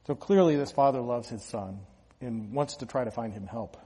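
A pastor delivering a conversational sermon, talking casually with restarts and the odd small laugh. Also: male voice, medium pitch, normal speed, warm tone, husky, in a large hall.

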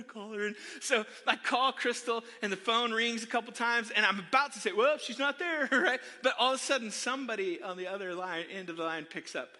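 A middle-aged pastor preaches with animated, self-deprecating storytelling, often turning to the crowd. His voice sits high for a man and sounds bright and sharp, with long reverb from a large church hall. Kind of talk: sermon with personal storytelling.

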